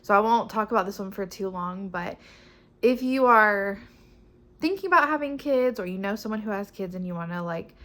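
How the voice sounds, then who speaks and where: A pregnant young woman who vlogs about books chats casually and upbeat about her books, rambling and often restarting her sentences. Her voice is medium-pitched, expressive and fairly bright, at a moderate pace.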